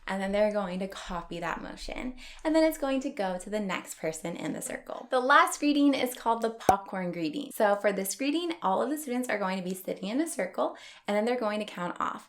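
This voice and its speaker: A young adult woman, an elementary school teacher, explaining classroom routines step by step in a clear, upbeat instructional tone. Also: mid-range voice, lively intonation, a little fast.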